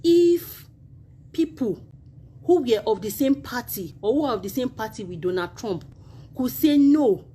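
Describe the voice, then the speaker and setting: A woman's voice: on the high side, animated, moderate pace, dark tone, slight background noise. A woman with a Nigerian accent, a university union member making an impassioned video appeal, emphatic and indignant, repeating her points.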